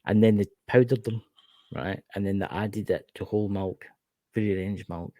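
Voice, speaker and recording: A man's voice: lowish voice, steady tone, moderate pace, warm tone, no room sound. A Scottish man co-hosting a casual chat show, ranting animatedly and swearing freely. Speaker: podcast co-host.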